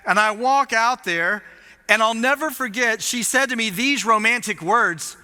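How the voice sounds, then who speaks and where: A man preaching as lead pastor, telling a story in an animated, self-mocking way. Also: extremely high pitch, measured pace. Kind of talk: storytelling sermon. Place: church auditorium. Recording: long hall reverb.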